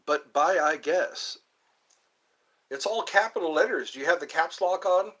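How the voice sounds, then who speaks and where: A man's voice: on the high side, measured pace, sharp tone, low-quality recording. A man live-streaming in a casual chat, reading viewer comments aloud and rambling playfully with frequent giggles.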